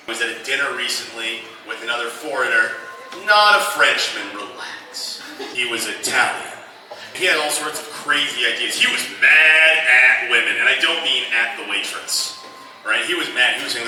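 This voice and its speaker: A man performs stand-up comedy with a deadpan, ironic delivery, slipping into quoted voices for his punchlines. He sounds set back from the mic in a very echoey room. The noise of the club audience carries underneath. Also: mid-range voice, normal speed, far from the mic. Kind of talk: stand-up routine. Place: comedy club stage before a live audience.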